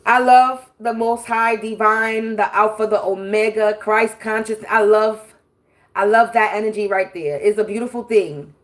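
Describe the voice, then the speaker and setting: In a measured, fairly level medium-pitched voice, a woman runs a spiritual livestream where she rants confrontationally and swears freely. She circles back to the same points and lets out scattered laughs in the middle of sentences.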